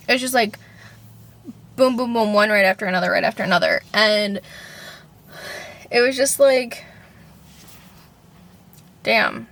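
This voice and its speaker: A young woman speaking to camera in an unhurried personal vlog. Her voice sits a little high and she drifts through her thoughts, leaning on "like" and swearing casually. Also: fairly bright tone. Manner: rambling, heavy on "like", swears freely. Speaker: vlogger.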